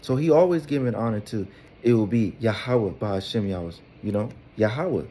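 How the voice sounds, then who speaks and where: A Bible teacher with a lowish, dark voice speaks at a moderate pace over a little hiss or hum. His loose lesson wanders with fillers and repetitions, and "all right?" gets tagged onto almost every phrase.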